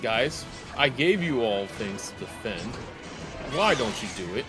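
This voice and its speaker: A man streaming a video game, chatting casually and reacting excitably, swearing when surprised. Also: lowish voice, unhurried, over music. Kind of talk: casual gameplay commentary.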